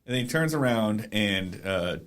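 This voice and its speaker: A man's voice: fairly low pitch, expressive, normal speed, a bit bright, clear, resonant tone. A man co-hosting a podcast, chatting casually about a TV episode with wry asides and some swearing. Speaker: podcast co-host. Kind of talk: casual comedic chat recapping a TV episode.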